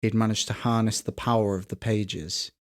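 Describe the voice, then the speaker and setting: A man's voice: on the low side, fairly even intonation, normal speed. A man co-hosting a podcast in casual chat, with dry jokes and absurd made-up stories. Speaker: podcast co-host.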